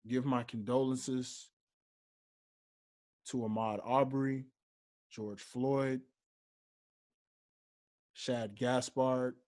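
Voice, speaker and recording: A young man hosting a solo podcast, speaking slowly and deliberately and stressing his key points. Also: mid-range voice, a little mellow. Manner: slow, deliberate, emphatic. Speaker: podcast host.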